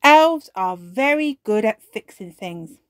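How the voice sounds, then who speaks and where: A woman playing a proud little boy elf, emphatic, lively. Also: mid-range voice, slow, no room sound.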